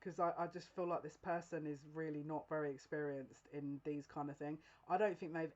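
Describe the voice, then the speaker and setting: A woman giving a casual psychic reading to her viewers. She speaks in a confiding, direct way and keeps breaking into giggles, with halting restarts. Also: deep voice, steady tone, a little mellow, muffled recording. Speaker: psychic reader. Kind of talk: casual tarot-style general reading to camera.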